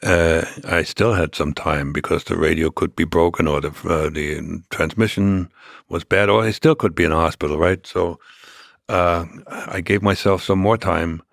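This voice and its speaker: Older man, halting delivery, low pitch, dry room. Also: steady tone, gravelly, a bit bright, no room sound. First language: German. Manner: halting, many restarts and fillers. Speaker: interview guest. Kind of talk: storytelling in an interview.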